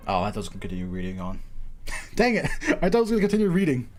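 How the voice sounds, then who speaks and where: A man's voice: mid-range voice, huge pitch swings, racing, soft background music. A young man reading game dialogue aloud on a stream, joking and laughing between lines. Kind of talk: casual livestream commentary.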